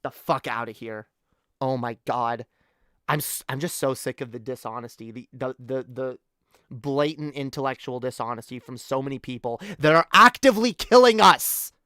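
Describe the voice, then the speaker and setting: A woman's voice: rumbling low, normal speed, pushed and bright, no room sound, studio quality. A woman from Canada streaming a heated, profane rant, often stumbling and repeating words. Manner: angry, profane, with frequent restarts and repeated words. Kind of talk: ranting commentary on a live stream.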